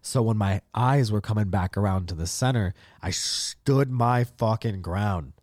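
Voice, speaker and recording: A man's voice: lowish voice, a little slow, no room sound, studio quality. A man in his late twenties hosting a podcast, telling stories in a casual, profane monologue and acting out the people he quotes. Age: late 20s. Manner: profane, animated, acts out quotes. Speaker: podcast host.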